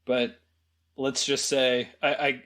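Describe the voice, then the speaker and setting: A man co-hosting a film podcast, adding points and gently pushing back in casual chat. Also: mid-range voice, level tone. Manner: measured, adds points and gently pushes back. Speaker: podcast co-host.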